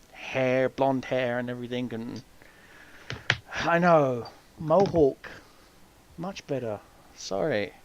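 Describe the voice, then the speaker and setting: A man in casual podcast chat, animated and foul-mouthed as he tells his stories. His voice sits in a middle range. The mic is dry and close with a slightly dull sound. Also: medium pitch, clear, resonant tone, dry recording. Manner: swears freely, animated, acts out quoted voices. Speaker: podcast host.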